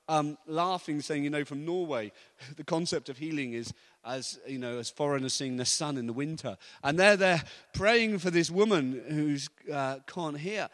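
A man preaching, telling stories in a lively, anecdotal way and chuckling often. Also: on the high side. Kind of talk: storytelling sermon.

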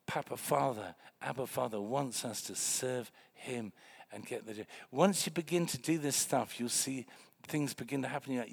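Gravelly, animated male preacher. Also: medium pitch, normal speed, few pauses. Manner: animated, swings from quiet to loud. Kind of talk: sermon with storytelling.

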